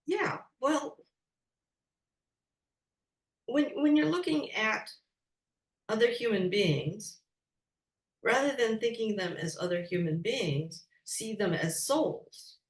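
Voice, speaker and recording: Female guest, slow and gentle, distant mic, echoey room. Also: a little high, animated. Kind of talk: calm spiritual talk.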